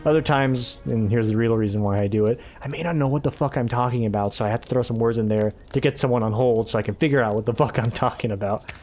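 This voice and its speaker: This let's play host speaks at a quick pace in a slightly mellow mid-range voice, with soft music playing behind him. His commentary on his own playthrough is casual and rambling, full of verbal stumbles and offhand swearing.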